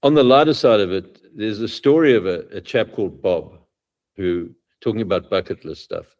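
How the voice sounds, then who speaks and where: A man hosting a podcast, telling a lively anecdote and asking his guest questions. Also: on the low side, normal speed. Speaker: podcast host. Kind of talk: casual podcast interview.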